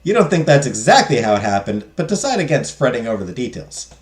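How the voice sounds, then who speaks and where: Streamer reading a story game out loud, jokey asides, pitch all over the place, echoey room. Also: very animated, fast talker. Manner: joking, self-mocking asides. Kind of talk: let's play commentary and reading game text aloud. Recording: roomy echo.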